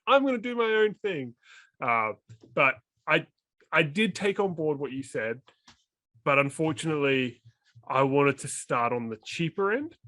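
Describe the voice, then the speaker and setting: A man with an Australian accent, co-hosting a casual podcast chat, jokey and quick to laugh. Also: medium pitch, a bit bright, no room sound. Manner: chatty, jokey, laughs often. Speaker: co-host.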